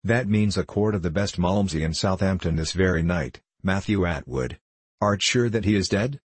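A stern, commanding medieval bailiff with a low, husky voice, put on by a male storybook narrator. He barks out his orders in an old-fashioned manner. The sound is close and dry. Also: moderate pace, no echo. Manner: stern, blustering, archaic speech.

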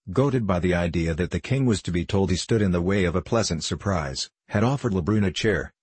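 A man narrating a classic novel as an audiobook, in a steady, even storytelling manner. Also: low voice, slightly rough, dry recording.

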